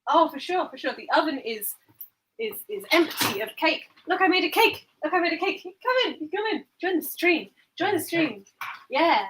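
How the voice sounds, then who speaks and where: A woman's voice: high voice, very animated, moderate pace, background noise. A woman chatting casually while baking in her home kitchen, giggling, exclaiming and swearing at the cake, picked up by a built-in device mic rather than a proper microphone. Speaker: streamer. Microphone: built-in device mic, not the headset mic.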